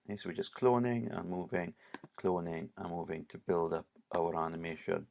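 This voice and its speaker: A male teacher, giving a casual screen-recorded software tutorial and leaning on "right" and "obviously". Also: low voice, steady tone, normal speed, creaky.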